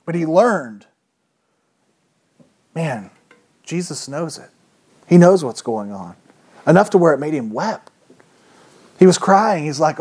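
Male preacher, slightly high voice, casual and emphatic, asks the congregation questions. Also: big pitch swings, takes it slowly, pauses often, darkish tone, husky. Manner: conversational, emphatic, rhetorical questions. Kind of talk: sermon.

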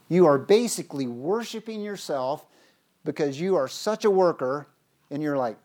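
A preacher giving a sermon, reading scripture aloud emphatically with big swings in pitch and loudness, often restarting words. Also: expressive, normal speed. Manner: stumbles and restarts words mid-phrase.

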